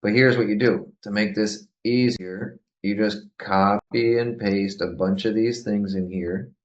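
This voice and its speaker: A man's voice: fairly low pitch, fairly even intonation, measured pace, reverberant, highs cut off. A man hosting a course, telling stories casually on a group call in a loose, profane way and acting out the people he quotes. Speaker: course host.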